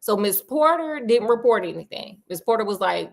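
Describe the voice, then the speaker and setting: A woman retelling a story in a comedic, slangy, animated way, talking straight to her listener. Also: mid-range voice, normal speed, gravelly, hardly any pauses.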